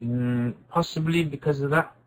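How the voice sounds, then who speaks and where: A man teaching an informal Quran class, asking his students questions and reciting Arabic verses quickly. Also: mid-range voice, poor audio. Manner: lively, asks the class questions and answers them.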